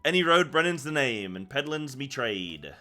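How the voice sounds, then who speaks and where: A man's voice: medium pitch, sing-song, normal speed, bright, forceful tone. A man voicing a chatty male merchant on a ship, reading game dialogue aloud in his own voice. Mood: friendly.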